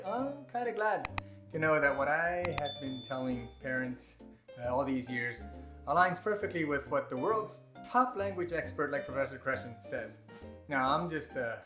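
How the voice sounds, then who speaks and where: A man's voice: on the high side, echoey room. Casual male host over music. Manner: casual, chatty, self-deprecating. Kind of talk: closing commentary to camera.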